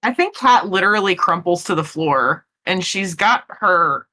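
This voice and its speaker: A woman's voice: on the low side, unhurried. A woman playing in a tabletop horror game, swearing freely and laughing often as she describes her character's actions. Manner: profane, lively, laughs often. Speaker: player. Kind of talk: tabletop role-play, in character.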